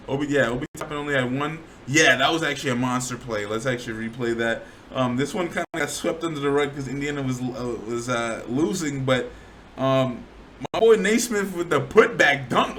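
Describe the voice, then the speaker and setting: A man giving a casual, slangy breakdown of game highlights, often getting worked up over bad plays. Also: bright, forceful tone, a little hiss or hum, rough recording. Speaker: sports commentator.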